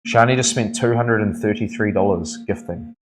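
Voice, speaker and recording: A man's voice: lowish voice, normal speed, low-quality recording. Sweary laid-back New Zealand man. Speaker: tattoo artist streaming live. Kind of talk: casual live-stream chat.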